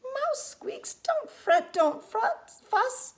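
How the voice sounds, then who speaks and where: Brief: little kindly mouse, squeaky and comforting, high-pitched, put on by a woman reading. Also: very animated, extremely slow, full character voice. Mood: soothing. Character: small kind fussing mouse.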